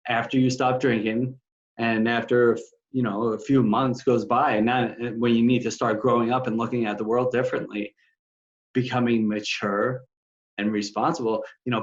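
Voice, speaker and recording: A man hosting a podcast, a coach who speaks earnestly and encouragingly to his guest. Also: medium pitch. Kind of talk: casual interview talk. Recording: slightly dull audio.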